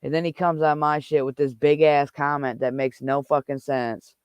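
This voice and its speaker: Livestream host, man, heated profane rant; smooth, slightly higher voice, close and dry. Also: flat delivery, normal speed, no echo. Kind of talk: casual ranting livestream chat.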